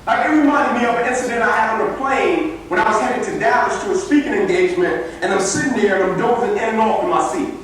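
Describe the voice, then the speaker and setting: A man giving a motivational speech and telling personal stories, talking with animated emphasis that builds to near-shouting. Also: high-pitched, quick pace, few pauses. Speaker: motivational speaker. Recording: echoey hall picked up from far off.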